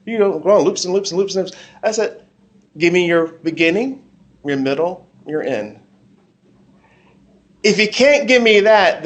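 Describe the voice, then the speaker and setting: A man speaking on a convention panel as a comic book creator, blunt and animated, often repeating his words. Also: fairly high pitch. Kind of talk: casual panel talk.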